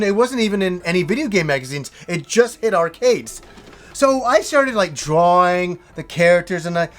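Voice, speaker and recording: A man's voice: high-pitched, a bit bright. A man in his thirties, host of a retro video game show, telling a story casually and rambling, with swearing and many restarts. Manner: rambling, profane, full of restarts.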